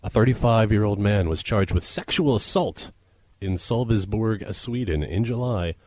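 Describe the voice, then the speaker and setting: A man's voice: on the low side, animated, normal speed, darkish tone, no room sound. A man co-hosting a casual comedy podcast, reading odd news aloud and laughing often. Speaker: podcast co-host.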